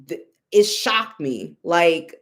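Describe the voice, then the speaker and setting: A young woman telling a story in a casual, expressive way, exclaiming and mimicking others, with many restarts. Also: lowish voice, slow pace. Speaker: storyteller recounting a reading.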